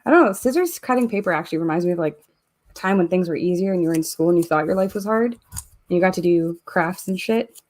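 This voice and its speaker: A woman's voice: lowish voice, expressive, quick pace, a little mellow. A Canadian woman hosting a live stream, chatting casually and reading viewer comments aloud as she works. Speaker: host of a live giveaway stream.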